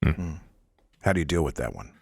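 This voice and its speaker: A man co-hosting a podcast who asks probing questions in an animated way and murmurs agreement often. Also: a bass voice, a little fast, gravelly, husky, no echo, clean studio sound. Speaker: podcast co-host. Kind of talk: interview questioning.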